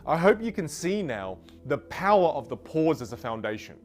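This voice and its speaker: A man teaching a communication lesson, energetic and full of rhetorical questions. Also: on the high side, moderate pace, faint music behind. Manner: energetic, rhetorical questions, demonstrates trailing off and fillers. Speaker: communication coach. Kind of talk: instructional lesson.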